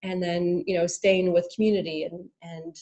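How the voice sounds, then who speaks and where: A woman with a somewhat low voice hosts an interview. She affirms her guest often and asks loose, filler-laden questions. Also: little pitch movement, moderate pace, highs cut off. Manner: warm affirming, frequent yeahs and fillers. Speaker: host. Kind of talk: interview hosting.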